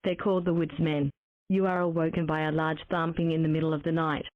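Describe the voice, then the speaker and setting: This text-to-speech game narrator is a synthetic woman's voice, slightly low in pitch, reading game text in an even, mechanical manner at a fast clip. The audio sounds tinny and phone-like, dry and close, with no room or echo around it.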